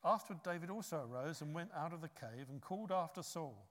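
A man preaching a sermon, telling a story with lively acted-out quotes. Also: on the high side, quick pace, big-room sound. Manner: animated storytelling, acts out quotes.

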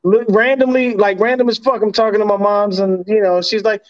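A man co-hosting a casual sports podcast chat, animated and profane, with frequent laughter. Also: high-pitched, a little fast. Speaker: podcast co-host. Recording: dull lo-fi sound.

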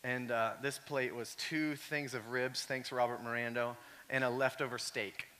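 Bright-voiced animated male pastor. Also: medium pitch, moderate pace, clear, resonant tone. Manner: animated, swings from quiet storytelling to shouting; conversational, many "like" fillers. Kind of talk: sermon.

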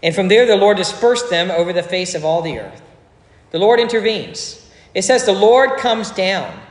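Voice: medium pitch, big pitch swings, normal speed. A pastor delivering a sermon, explaining scripture in a conversational way with joking asides. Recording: echoey hall with long reverb.

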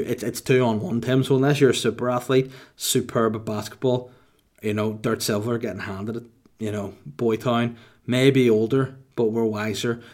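Speaking at a medium pitch, this Northern Irish man in his thirties answers questions from listeners in relaxed conversation. His humour is dry and mock-boastful.

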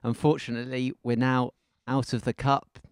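A man's voice: mid-range voice, little pitch movement, normal speed, smooth, no room sound, clean studio sound. A man co-hosting a casual football podcast, easygoing and self-deprecating, often laughing at himself. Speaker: podcast co-host.

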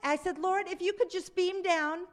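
A woman's voice: very high voice, moderate pace. A middle-aged woman preaching a conversational sermon, telling stories and acting out quotes. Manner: conversational preaching, lively storytelling with acted quotes.

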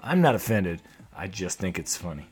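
A man's voice: sits low, big pitch swings, moderate pace. A man hosting a solo comedic podcast, talking in a wry, rambling, self-deprecating way. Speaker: podcast host. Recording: faint music playing behind. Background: soft background music.

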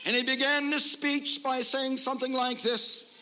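A man's voice: extremely high pitch, level tone, moderate pace, sharp tone. A man preaching a revival sermon at a camp meeting, fervent and emphatic, repeating lines for effect. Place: large camp-meeting hall before a congregation. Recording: live sermon with long hall reverb.

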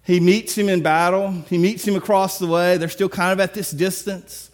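A man preaching a sermon, retelling a story with lively, acted-out dialogue. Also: high voice, moderate pace. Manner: animated storytelling, acts out characters. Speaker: pastor.

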